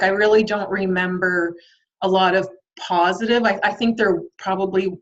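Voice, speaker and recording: Woman guest, mid-pitched, reflective and candid, lots of ums, slightly dull recording. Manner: reflective, laughs often, frequent ums. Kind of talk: candid podcast interview.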